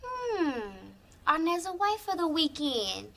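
Excitable young college woman, upbeat, very high voice. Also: slow, a little hiss or hum, full character voice. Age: young adult. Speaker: college student. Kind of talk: sitcom acting.

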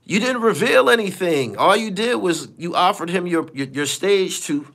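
Hosting a live stream, a man offers casual commentary in a high, expressive voice at normal speed with a fairly bright tone. He's a podcast host who talks bluntly and profanely, repeating himself for emphasis.

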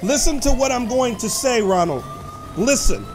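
A man hosting excited gameplay commentary, talking to his viewers and shouting when the action peaks. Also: extremely high pitch, moderate pace, background noise. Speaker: gaming host.

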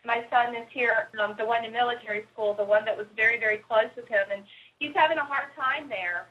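Female caller, slightly high pitch, hesitant delivery, dull phone-line audio. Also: a little hiss or hum. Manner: halting, hesitant, restarts often.

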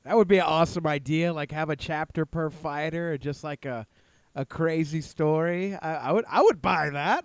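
High-pitched dude hosting a podcast, super hyped, says man and dude constantly. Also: moderate pace, no echo. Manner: excitable and enthusiastic, swears casually, says "man" and "dude" a lot. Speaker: podcast host. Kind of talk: casual podcast interview.

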